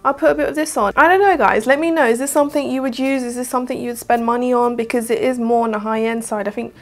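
A woman's voice: fairly high pitch, fairly even intonation, fast talker. A British woman giving a candid, chatty beauty product review, often filling with "like". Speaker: beauty vlogger. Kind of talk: casual product review to camera.

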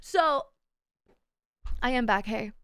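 A young woman in her twenties streaming, chatting casually in a rambling, loud way, swearing a lot, laughing and breaking into shouts. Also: a little high, takes it slowly, smooth, dry recording, studio quality. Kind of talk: casual chat.

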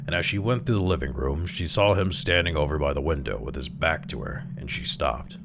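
Male story reader, extremely low voice, animated, dramatic narration. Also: background noise. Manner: expressive, slows down for tense moments.

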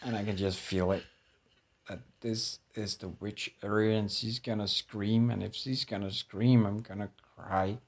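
Husky low-voiced man playing a game. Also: fairly even intonation, measured pace. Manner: jittery, swearing, talks to himself. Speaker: gameplay streamer. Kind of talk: casual gameplay commentary.

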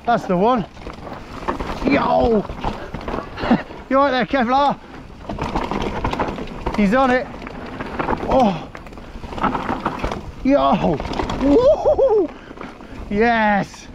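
On a wooded hill trail, a mountain biker records his ride with a helmet camera, laughing and exclaiming in breathless, excited bursts. His gravelly voice is extremely high with big pitch swings, very slow and full of pauses, and the audio is muffled with wind and trail noise.

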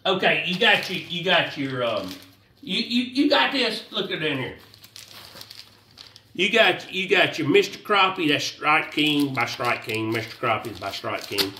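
A man's voice: a little high, lively intonation, measured pace, pushed and bright, echoey room, recorded from a distance, a little hiss or hum. A man giving a casual, rambling fishing how-to, repeating himself in a folksy way. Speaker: fishing vlogger.

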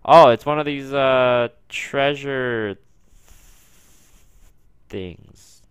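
A young man gives let's play commentary in a very clear, smooth voice, recorded dry and close. He talks to himself at an unhurried pace and breaks into yelling when frustrated. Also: mid-range voice, no room sound. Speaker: gaming YouTuber.

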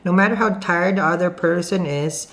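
A woman's voice: on the low side, normal speed, fairly bright tone. A woman with a non-native accent giving a casual tarot reading to camera, chatty and giggly, thinking aloud with many restarts. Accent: non-native English accent. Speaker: tarot reader.

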